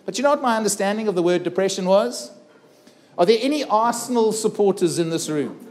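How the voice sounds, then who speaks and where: Middle-aged man, keynote speaker on a festival stage, fairly high voice, earnest dramatic storyteller. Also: lively intonation, a little fast, darkish tone. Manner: earnest, dramatic retelling with acted-out dialogue. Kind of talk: personal storytelling talk. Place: festival stage before a live audience.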